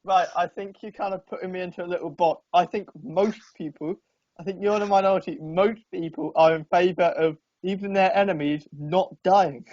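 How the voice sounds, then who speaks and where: A man's voice: sits high, steady tone, a little fast, a little mellow, dry recording, highs cut off. A young man co-hosting a casual student radio podcast, talking in dry, teasing banter with joking asides. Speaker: podcast co-host.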